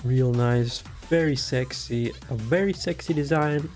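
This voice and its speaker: A man's voice: mid-range voice, unhurried, a little mellow, soft background music. Profane, giggly man rambling on. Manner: irreverent, profane, giggly asides. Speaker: video creator. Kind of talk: rambling comedic lore rant.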